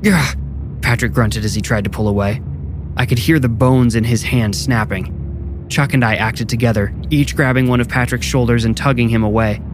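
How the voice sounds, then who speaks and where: A man narrating a scripted first-person horror story in a measured, low-key way. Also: fairly even intonation, background noise. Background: music.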